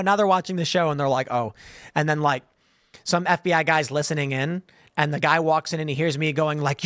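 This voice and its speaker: A man's voice: a little high, fast talker, a bit bright, no room sound, clean studio sound. A man hosting a livestream show, rambling through viewer comments and joking asides in a casual way. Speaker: host.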